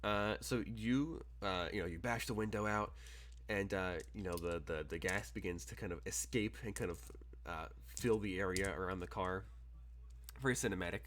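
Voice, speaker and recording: A man's voice: low-pitched, moderate pace, fairly bright tone, slight background noise. A man narrating as game master, rambling with many fillers and chuckles.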